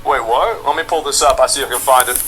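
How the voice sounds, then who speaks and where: A man's voice: mid-range voice, fast talker, a bit bright, slight background noise, rough recording. A man giving casual, surprised reaction commentary to a clip.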